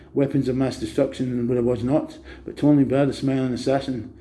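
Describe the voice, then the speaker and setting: A man talking in a rambling monologue to camera, agitated and breaking into sudden loud outbursts. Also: fairly high pitch.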